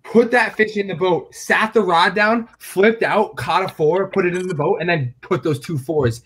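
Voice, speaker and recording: Excitable man with a higher voice. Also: normal speed, breathy edge. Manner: excitable, animated storyteller. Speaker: guest angler. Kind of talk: casual podcast chat.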